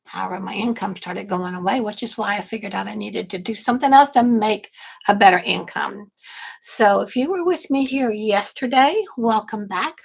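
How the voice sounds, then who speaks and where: A woman's voice: medium pitch, normal speed, creaky, slightly rough, rough recording. An older woman from Texas, a grandmother, hosting a casual livestream and chatting to viewers in a rambling, self-correcting way. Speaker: livestream host and business coach.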